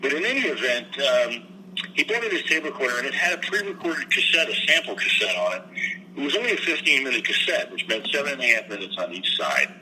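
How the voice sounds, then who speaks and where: A man's voice: medium pitch, big pitch swings, quick pace, pushed and bright, a little hiss or hum, low-quality recording. An older man from New Jersey, a guest entertainer, telling his story in a meandering way with many fillers and restarts. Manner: meandering, frequent fillers and restarts, clears throat. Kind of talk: rambling casual interview answers.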